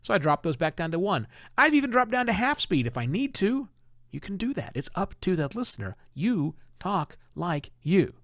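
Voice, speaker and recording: Guy doing a solo podcast, lively voice jumping up and down, kinda high, dry close mic. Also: brisk, no echo. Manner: animated, conversational, emphatic. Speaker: podcast host.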